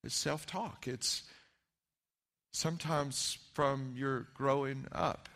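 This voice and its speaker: A man preaching a sermon as pastor, earnest and emphatic at times, then quiet and personal. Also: medium pitch, steady tone, slow, gravelly.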